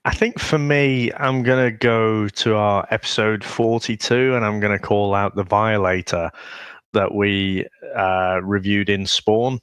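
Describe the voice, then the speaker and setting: A man's voice: lowish voice, fairly even intonation, a little slow, a bit bright, smooth, no room sound. A British man co-hosting a podcast, amused and laughing as he recounts scenes. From Britain. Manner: amused, storytelling, laughs often. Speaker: podcast co-host. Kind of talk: casual chat.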